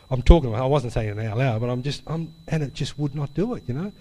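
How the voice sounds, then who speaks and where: A man's voice: mid-range voice, quick pace, hardly any pauses, warm tone. A man preaching a sermon. He tells a personal story in a chatty way, with "you know" and "hey?" tags, before he draws the lesson. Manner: chatty storytelling with tag questions. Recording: long hall reverb.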